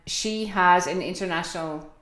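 A woman's voice: lowish voice, normal speed, a bit bright. A middle-aged Irish woman hosting a podcast, chatting casually and telling stories with animation. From Ireland. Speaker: podcast host. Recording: echoey room.

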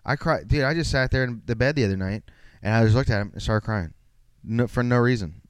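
A man's voice: mid-range voice, fairly quick, smooth, no room sound. A young man hosting a solo podcast, rambling casually with lots of swearing and self-mocking asides. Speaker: podcast host.

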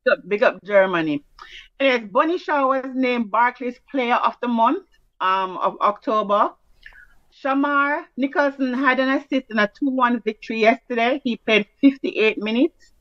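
A woman with a Jamaican accent co-hosting a sports show in casual chat, brisk and teasing with patois-flavoured talk, on a dull lo-fi recording. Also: on the high side, dry recording. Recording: dull lo-fi sound.

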